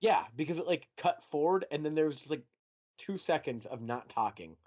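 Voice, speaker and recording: A man's voice: on the high side, moderate pace. Chatty young man podcasting. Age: young adult. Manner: chatty, animated, mocking asides. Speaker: podcast co-host. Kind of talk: casual chat.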